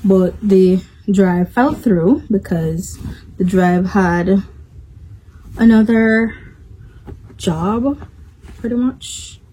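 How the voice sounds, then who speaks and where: A woman's voice: medium pitch, extremely slow, pauses often, dark tone, slightly rough, rough recording. A young adult woman chatting casually to her viewers in a home vlog, rambling and explaining in loose run-on sentences. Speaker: vlogger.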